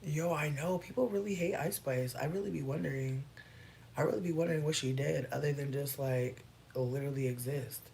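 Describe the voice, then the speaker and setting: A woman's voice: low voice, fairly quick, vocal fry, darkish tone, a little hiss or hum. A woman chatting casually on a livestream, reading and answering comments in a playful, laid-back way with plenty of swearing.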